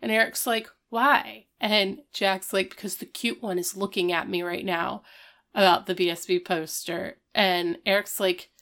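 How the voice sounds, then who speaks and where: Woman cohost just chatting, quick playful recap voice, normal pitch. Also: steady tone, a bit bright. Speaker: podcast co-host recapping a TV episode. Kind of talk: casual chat.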